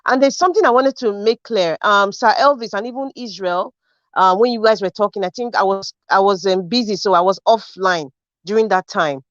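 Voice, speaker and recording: A woman speaking as a panelist in an online debate, emphatic and animated, repeating points for stress. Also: medium pitch, a little fast, no room sound, muffled recording.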